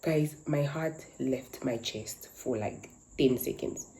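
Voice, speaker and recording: A woman's voice: rumbling low, slow, mellow, poor audio. A young woman, animatedly telling a dramatic story from her life in casual chat. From Namibia. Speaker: content creator.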